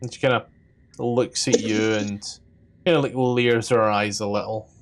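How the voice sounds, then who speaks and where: A man running a tabletop game as dungeon master, describing scenes in a halting way with lots of fillers. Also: lowish voice, fairly even intonation, slight background noise. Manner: halting description full of "like" and "kinda".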